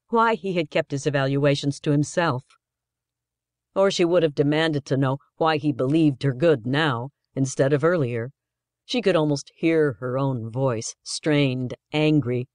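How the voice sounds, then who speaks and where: A man narrating an audiobook in an even, measured storytelling voice. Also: on the high side, no room sound, studio quality. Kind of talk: scripted narration.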